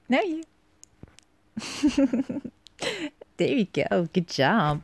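Slow, gravelly German-accented woman teasing. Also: on the low side, sing-song. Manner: teasing, giggly, often drops to a whisper. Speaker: audio role-play performer. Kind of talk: flirty audio role-play.

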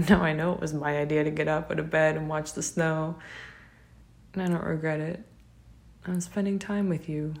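Low-voiced woman, whispered role-play. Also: slight background noise. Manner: gentle, tender, laughs softly often. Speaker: affectionate partner.

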